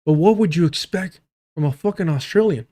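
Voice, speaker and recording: Speaking a little fast, this livestream host has a voice on the high side with a dark tone. He reacts with sarcasm and swearing while talking straight to his chat.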